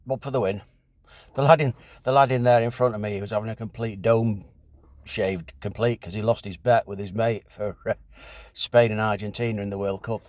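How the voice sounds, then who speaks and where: A man's voice: lowish voice, no room sound. A man talking to camera in a casual, jokey, self-mocking vlog. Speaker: vlog co-host.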